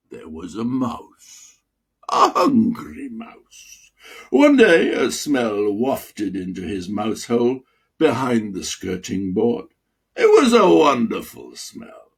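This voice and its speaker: A man voicing an older Russian medical dean with a Russian accent and a deep velvety voice, telling a teasing story slowly and theatrically. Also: vocal fry, breathy edge, full character voice. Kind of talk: memoir reading aloud.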